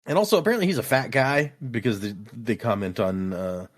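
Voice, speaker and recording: A man's voice: medium pitch, a little fast. A man casually recapping book chapters for a podcast, slipping into playful quoted voices. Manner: animated, recaps scenes with lively acted-out quotes. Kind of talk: casual book club chat.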